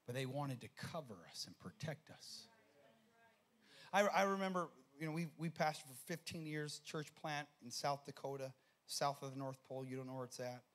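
A man preaching a sermon as pastor, telling a story with animated energy and frequent repeated words. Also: mid-range voice. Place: church sanctuary.

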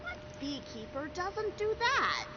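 A woman's voice: very high-pitched, huge pitch swings, slow pace, crowd noise, heavily acted. A woman voicing a shy, secretive beekeeper who works at night, speaking in a flustered, defensive way in video game dialogue. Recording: dull game audio under noise.

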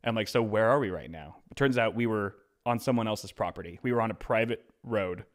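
Animated man telling a story casually. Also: on the low side, fairly quick. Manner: animated, acts out quoted voices. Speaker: podcast co-host.

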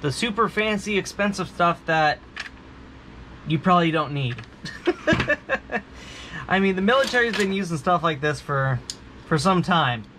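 A man's voice: sits high, animated, normal speed, noisy background. A man hosting a casual gear review vlog, talking in a jokey, rambling way with self-mocking asides. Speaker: channel host.

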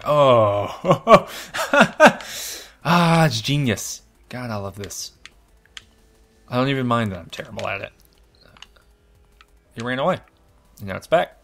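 Excitable low-voiced man commentating a game. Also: vocal fry. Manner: excitable, self-deprecating, thinks aloud. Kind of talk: let's-play commentary.

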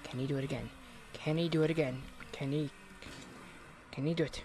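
An Australian man hosting a gaming channel, giving excitable mock sports commentary on his own match and cheering loudly. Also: on the high side, fairly quick, pauses often. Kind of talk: self-commentary while playing a video game.

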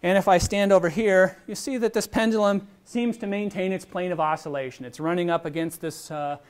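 In a lecture hall, a middle-aged man with a high, smooth voice teaches physics fairly quickly. His university lecture includes a live demonstration, and he explains step by step in a conversational style with little asides.

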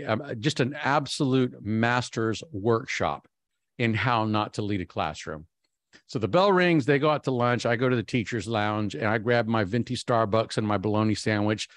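A man in his fifties giving a humorous keynote talk, telling a story in an animated, self-mocking way with frequent ums and restarts. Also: on the low side, no echo, clean studio sound. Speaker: keynote speaker.

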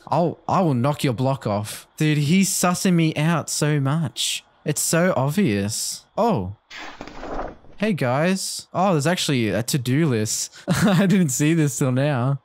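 A man's voice: medium pitch, no room sound. Jittery young man swearing through a horror game. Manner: jittery, swearing, jokey asides to game characters. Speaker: gaming video host. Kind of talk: playing a horror game with commentary.

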